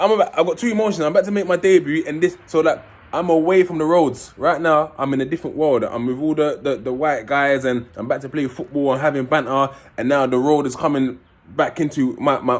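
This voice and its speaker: A man, telling a personal story and acting out quoted voices in a raised pitch. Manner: animated, acts out quotes in a raised voice.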